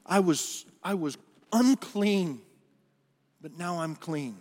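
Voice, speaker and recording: A man's voice: sits high, lively intonation, takes it slowly, a little mellow, long reverb tail. A man acting out a healed man who falls at someone's feet in gratitude within a sermon. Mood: grateful. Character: pleading grateful healed man.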